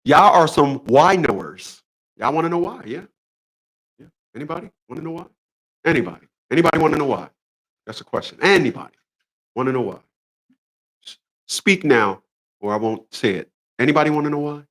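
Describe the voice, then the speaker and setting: Guy ranting to camera, voice kinda high and jumping all over, keeps cracking himself up. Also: animated, fairly quick, long pauses, a bit bright. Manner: mocking, laughs at his own jokes, repeats phrases. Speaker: commentary vlogger. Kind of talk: monologue rant.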